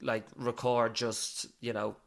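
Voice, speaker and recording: A man hosting a casual podcast interview, relaxed and a little hesitant, repeating words as he asks questions. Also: mid-range voice, takes it slowly, vocal fry. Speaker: podcast host.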